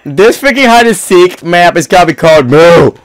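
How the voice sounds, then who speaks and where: A man hosting a game session, laughing a lot, yelling and joking with friends. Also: high-pitched, animated, normal speed. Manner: giggly, yelling, chanting moo. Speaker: gaming host. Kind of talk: excited gameplay chat with friends.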